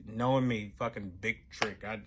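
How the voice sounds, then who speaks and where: A man's voice: fairly low pitch, fairly even intonation, moderate pace, heavy background noise. A man telling a personal story in a casual, rambling monologue, swearing heavily and restarting his sentences. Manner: profane, rambling, self-interrupting.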